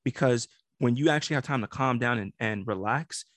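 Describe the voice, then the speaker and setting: A man's voice: mid-range voice, fairly quick, a bit bright, no echo. A man co-hosting a podcast, talking casually and reflectively with some profanity. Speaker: podcast co-host.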